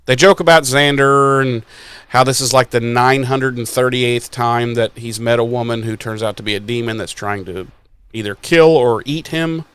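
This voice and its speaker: A man's voice: medium pitch, normal speed, fairly bright tone, clear, resonant tone, no echo. A man co-hosting a podcast, recapping a show in crude, exasperated casual chat and acting out the characters' lines. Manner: crude, exasperated, acts out quotes. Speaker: podcast co-host.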